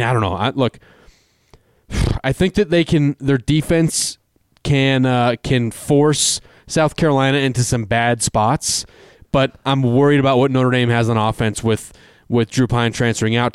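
A man's voice: mid-range voice, steady tone, normal speed, smooth, no echo, clean studio sound. A man co-hosting a sports betting show, talking through his picks casually with lots of fillers and hedges. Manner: hedging, conversational with many fillers.

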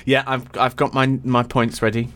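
A young man co-hosting a podcast, chatting casually in a reflective, animated way. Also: medium pitch, a little hiss or hum. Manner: animated, reflective, quick agreeing. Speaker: podcast co-host. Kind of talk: casual chat.

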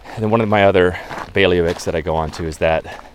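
A man with a deep, low-pitched voice tells a long story in a relaxed interview. He is a photographer describing the photo walks he leads, and he rambles with plenty of "um"s and restarts. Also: fast talker, a little hiss or hum. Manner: rambling, chatty anecdotes with many fillers.

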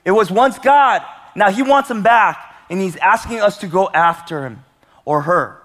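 Male pastor, storytelling sermon, slightly high voice, soft for tender moments, loud for emphasis, long hall echo. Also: animated, a little slow. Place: large church hall. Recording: long church hall reverb.

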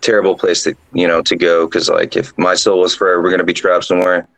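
A drill sergeant guest casually telling a ghost story, rambling along with lots of fillers. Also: male voice, deep voice, little pitch movement, quick pace, vocal fry, fairly bright tone, low-quality recording.

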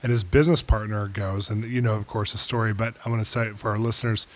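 A man's voice: fairly low pitch, quick pace. A man hosting a podcast interview, telling a story with rising enthusiasm. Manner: animated storyteller, swells with enthusiasm. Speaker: podcast host.

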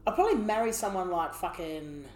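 A man's voice: high voice, big pitch swings, a little fast, a little hiss or hum. A man co-hosting a podcast, joking crudely in casual banter and laughing often. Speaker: podcast co-host. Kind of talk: casual chat. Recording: roomy echoey room.

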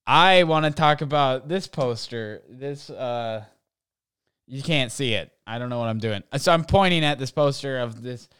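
A man's voice: medium pitch, measured pace, fairly bright tone, smooth, no room sound, studio quality. A man who does stand-up, telling a rambling story from his bedroom, saying "like" constantly. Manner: rambling, heavy use of "like". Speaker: stand-up comedian. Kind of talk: casual storytelling.

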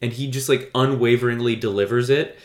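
A man's voice: medium pitch, steady tone, a little fast, reverberant. A man co-hosting a casual podcast chat, rambling and enthusiastic, with lots of fillers. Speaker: podcast co-host.

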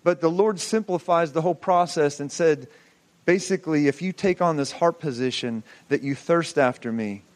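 A man's voice: fairly high pitch, normal speed. A man in his forties preaching, telling a personal testimony with impassioned storytelling and rhetorical questions.

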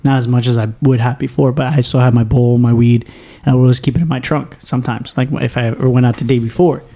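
Hombre joven con voz grave y rasposa. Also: male voice, mid-range voice, fairly even intonation, fast, mellow. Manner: rambling, profane, laughs often. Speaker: podcast host. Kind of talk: casual storytelling chat. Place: small home studio.

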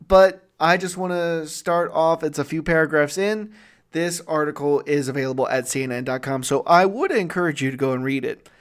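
Podcast host, man, higher register, reads articles then rants with exclamations. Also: moderate pace, smooth. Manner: indignant, gets loud and exclaims when riled. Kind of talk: solo commentary podcast reading news articles.

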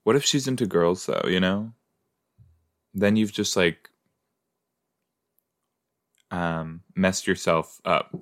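This podcast host reacts to a TV episode in a casual watch-along, chatting, exclaiming at the screen, talking back to the characters and musing with playful asides. He has a low-pitched, slightly bright voice, takes it slowly and leaves long pauses.

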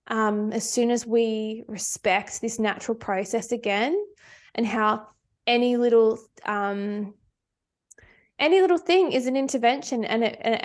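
Earnest, slightly high-voiced woman talking. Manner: earnest and reflective, with fillers. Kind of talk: casual conversation.

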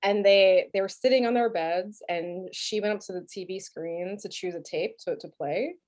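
A woman with a New York accent, co-hosting a casual podcast chat about a film, animated and laughing, with frequent swearing. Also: medium pitch, moderate pace. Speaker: podcast co-host.

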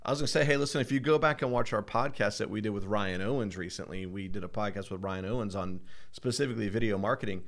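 A man's voice: fairly low pitch, fast talker, few pauses. A man co-hosting a casual podcast, explaining points in an upbeat way and often asking "right?". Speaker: podcast co-host.

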